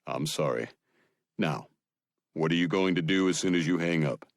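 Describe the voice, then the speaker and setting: A man voicing a calm, protective soldier in an audiobook, firm and clipped. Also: low-pitched, normal speed, gravelly, no room sound, clean studio sound.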